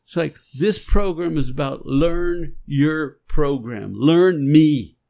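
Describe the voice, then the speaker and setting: A man's voice: on the high side, slow pace, creaky, mellow. A man co-hosting a faith podcast, talking earnestly and emphatically in a casual conversation. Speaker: podcast co-host.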